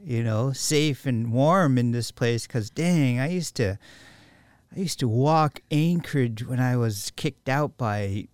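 Guy talking slow and halting, lots of "you know", dry close mic. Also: mid-range voice, darkish tone, smooth, no room sound. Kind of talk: reflective recovery conversation.

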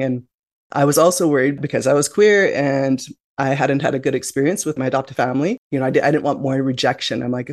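She has a rumbling low voice with a darkish tone, a middle-aged woman from Canada guesting on an interview to reflect candidly on her life. Restarts and "you know" come up often. The recording is clean, dry studio sound.

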